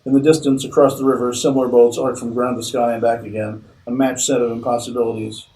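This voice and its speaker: A man, an author, reading his own fiction aloud at a convention in a steady narrating manner. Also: medium pitch, fast, slight background noise, poor audio.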